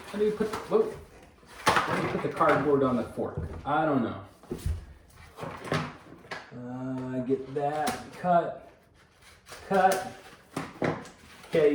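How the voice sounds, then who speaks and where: A man casually talking through a bike assembly, rambling to himself as he works and tossing in jokes. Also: fairly high pitch. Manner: rambling, talks to himself while working, joking asides. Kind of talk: casual unboxing and assembly walkthrough. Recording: roomy, distant mic, clear background noise.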